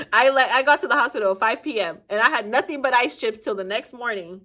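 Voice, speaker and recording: A woman's voice: on the high side, a little fast. A young adult woman from Nigeria, casually telling a personal story on her channel, laughing often and acting out what people said. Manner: animated, laughing often, acting out quoted voices. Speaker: vlogger.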